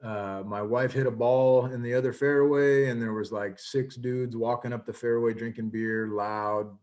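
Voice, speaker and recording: A man's voice: medium pitch, steady tone, normal speed, a little mellow. A man in his fifties, a coach giving a casual lecture over a video call, talking earnestly with many fillers and restarts.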